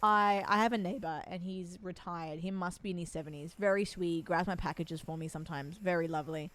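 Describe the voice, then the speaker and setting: A woman from Australia with a soft Australian accent, chatting casually with her viewers while streaming a game. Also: lowish voice, fairly even intonation, brisk. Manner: chatty storyteller, talks to her chat by name. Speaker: livestreamer.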